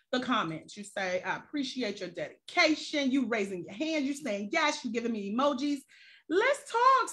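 A woman's voice: high-pitched, a bit bright. A woman life coach on a live stream who talks straight to her viewers with casual slang and rhetorical questions.

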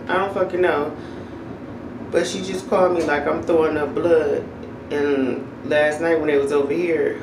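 A man vlogging in a car, talking bluntly and cursing freely. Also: a little high. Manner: blunt, profane, laughs often. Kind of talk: casual vlog chat. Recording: noisy car recording.

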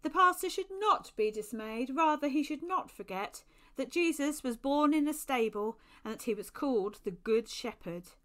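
A woman voicing a gentle, earnest angel. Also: high voice, lively intonation, normal speed, pitched above the performer's own voice. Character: gentle wise male angel guide.

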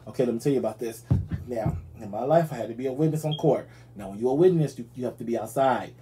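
Chatty man, mellow voice. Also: medium pitch, quick pace. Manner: chatty, animated, addresses viewers as y'all. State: yawning, tired. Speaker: show host. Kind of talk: casual gossip commentary.

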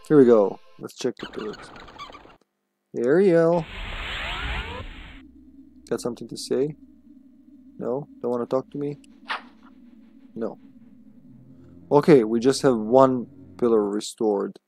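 A man's voice: mid-range voice, takes it slowly, creaky, pauses often, warm tone. A man streaming a game, chatting casually, swearing freely and yelping when his character is hit. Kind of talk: casual gameplay commentary.

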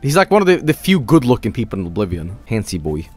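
Excitable, lively-voiced male streamer. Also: on the low side, fast, faint music behind. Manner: excitable, laughing, shouts and exclamations. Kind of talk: live gameplay commentary.

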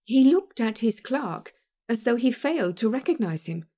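A woman narrating an audiobook of a classic detective story in a measured, expressive reading. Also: on the high side.

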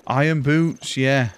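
A young man, chatting excitably and swearing as he streams a video game and thanks viewers. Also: medium pitch, creaky. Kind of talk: live gameplay commentary.

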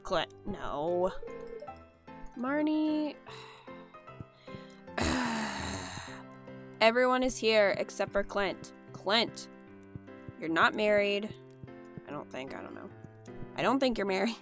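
A woman's voice: mid-range voice, big pitch swings, slow pace, long pauses, soft background music. A woman casually narrating her gameplay, chatting and exclaiming at the characters on screen. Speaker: let's play gamer.

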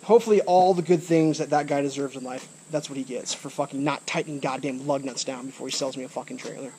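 Standing outdoors by a trailer, a male vlogger delivers an angry rant to the camera, frustrated, swearing often and repeating himself. His mid-range voice is a little mellow and quick-paced, with slight background noise.

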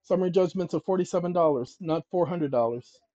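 His voice is high and fairly quick as he hosts a channel on legal procedure, talking to viewers in an emphatic, conversational style. Leafing through documents, he thinks out loud and calls his audience ladies and gentlemen. The dry recording sounds dull and lo-fi.

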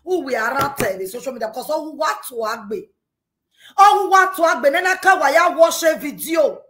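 A woman's voice: high-pitched, lively intonation, normal speed, a bit bright. A woman with a Nigerian accent ranting heatedly in pidgin, scolding unnamed critics. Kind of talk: ranting monologue.

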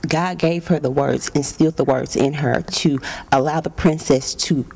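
A woman's voice: deep voice, steady tone, moderate pace, gravelly, a little mellow. A woman sitting on a church talk show panel who speaks fervently and opens with exclamations of praise. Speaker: panel guest.

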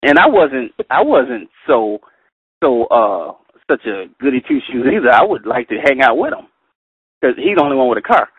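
A middle-aged man leading a Bible study, reading verses slowly and carefully, then telling personal stories with animated delivery. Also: medium pitch, husky, no room sound. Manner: animated storyteller, reads scripture slowly and carefully. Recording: tinny phone line, dry.

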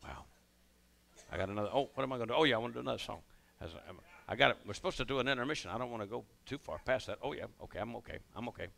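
A man's voice: mid-range voice, animated, racing, vocal fry, fairly bright tone. An older man doing live stand-up storytelling on stage, folksy and rambling, with drawling asides to the audience. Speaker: comedian and musician on stage.

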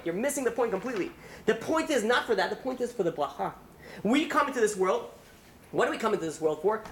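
A rabbi giving a holiday sermon in an animated storytelling way, with frequent restarts. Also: male voice, high-pitched, a little hiss or hum.

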